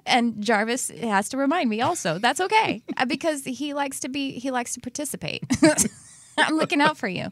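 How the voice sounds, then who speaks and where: A woman's voice: sits high, animated, normal speed, dry recording. A woman with a Texan accent hosting her own show in a casual, chatty way, laughing often and running loose and playful. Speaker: podcast host.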